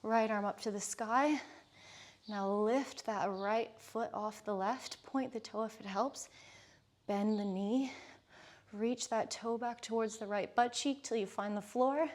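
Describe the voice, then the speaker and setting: A woman yoga instructor calmly cueing breaths and poses through a guided class. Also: fairly high pitch, unhurried.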